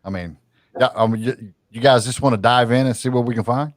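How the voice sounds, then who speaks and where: A man's voice: mid-range voice, a little fast, dry recording. A man hosting a casual live-stream talk, often restarting and repeating his words. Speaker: host.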